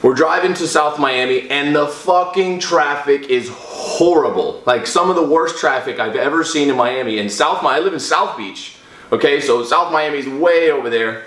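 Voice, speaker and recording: A man's voice: a little high, moderate pace, a bit bright. Man telling a personal story in an echoey room. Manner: rambling, frequent restarts and fillers. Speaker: fitness vlogger.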